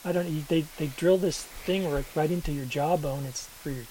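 A man's voice: on the high side, normal speed, warm tone, poor audio. A man co-hosting a podcast who chats casually and laughs often. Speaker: podcast co-host. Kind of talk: casual chat.

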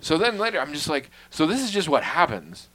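A man's voice: a little high, sing-song, a little fast, a bit bright, slight background noise. A man in casual conversation, telling a long story in a wry, self-deprecating way, swearing freely and dropping to a mutter on asides.

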